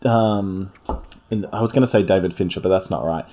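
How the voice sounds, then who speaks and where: A man's voice: low-pitched, normal speed, warm tone. Rambling, chatty podcast man. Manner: chatty, rambling, laughs often. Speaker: podcast co-host. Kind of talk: casual chat.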